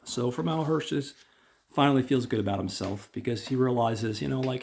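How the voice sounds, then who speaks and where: A man's voice: mid-range voice, a little fast, creaky, darkish tone, a little hiss or hum. A man hosting a podcast, casually retelling and reading aloud from a graphic novel in a loose, filler-heavy way. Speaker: podcast host. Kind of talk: casual recap and read-aloud. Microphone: camera on tripod.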